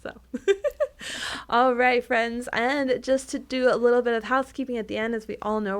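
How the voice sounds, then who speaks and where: A woman's voice: fairly high pitch, moderate pace. A woman co-hosting a book club podcast, talking casually and laughing often. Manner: chatty, animated, laughs often. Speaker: podcast co-host.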